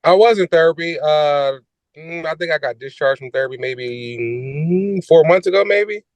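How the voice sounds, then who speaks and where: A man's voice: on the high side, moderate pace, dry recording, poor audio. A young man with a Philadelphia accent, a son and interview guest, talking in a casual, reassuring way. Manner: casual, reassuring, plain-spoken. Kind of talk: interview talk.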